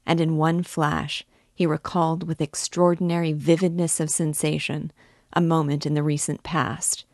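A woman reading a classic novel aloud in a measured, even way. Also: low voice, dry recording, studio quality. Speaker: reader and guide.

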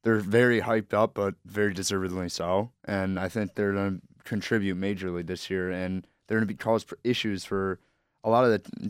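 A young man co-hosts a sports podcast in a low, smooth, resonant voice. His sound is dry and close to the mic. He offers easygoing opinions, often hedging as he talks. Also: no echo. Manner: relaxed, hedging analysis. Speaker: podcast co-host. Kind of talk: casual sports podcast chat.

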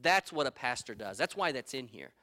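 A man's voice: mid-range voice, sing-song, a little fast, bright, forceful tone. A middle-aged man preaching a sermon as pastor, emphatic and repeating his key phrases, with stories from his own life.

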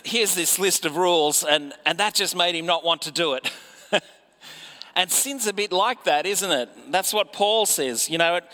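Slow, bright-voiced male preacher. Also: fairly high pitch. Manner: conversational, asks listeners rhetorical questions. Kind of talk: sermon.

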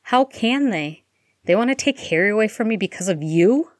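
A woman voicing a furious, shouting godfather. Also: lowish voice, animated, normal speed, no echo, studio quality. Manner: shouting in outrage, loud and heated. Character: furious hot-tempered grown man, fiercely protective godfather.

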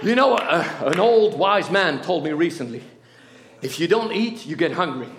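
A man preaching an impassioned sermon, often shouting out praise. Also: a little high, lively intonation, moderate pace, echoey room, slight background noise. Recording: congregation audible behind. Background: congregation.

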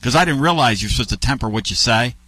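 A man's voice: mid-range voice, expressive, fast talker, bright, forceful tone, no room sound. A man hosting a sports talk radio show, brash and chatty, telling stories and teasing his co-hosts. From northern United States. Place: radio studio.

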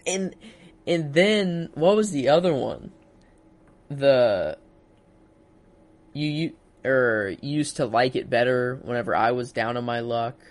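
An excitable young man chatting casually about a film at an ordinary middle pitch. He jumps in with gasps and exclamations as scenes come up. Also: slow pace, long pauses. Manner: excitable, reacts with gasps and 'oh my God'. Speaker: co-host discussing a film. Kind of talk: casual chat.

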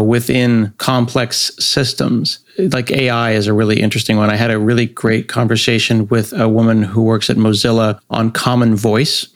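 Animated American man explaining. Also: mid-range voice. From United States. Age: middle-aged. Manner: animated, rambling explanations with acted-out quotes. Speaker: guest software developer. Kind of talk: conversational interview.

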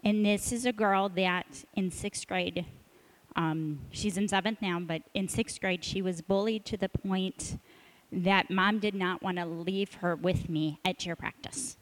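Earnest mid-pitched woman sharing. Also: fairly even intonation, a little slow, rough recording. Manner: earnest, encouraging, speeds up when emphatic. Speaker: cheer coach sharing at a church group. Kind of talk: casual testimony sharing.

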